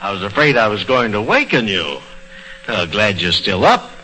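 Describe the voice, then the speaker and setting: A kindly boss in a 1930s radio comedy hems and chuckles in a fatherly way. His bright voice climbs and falls a great deal. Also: on the low side, sing-song, moderate pace, slight background noise, rough recording. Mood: genial. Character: genial boss of the husband, fatherly. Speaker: actor.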